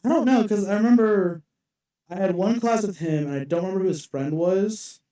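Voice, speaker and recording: A young man with a slightly higher voice co-hosts a casual podcast, chiming in bluntly and swearing freely. His tone is dark and mellow, and he sounds far from the mic in a reverberant room. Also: brisk. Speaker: podcast co-host. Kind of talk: casual chat.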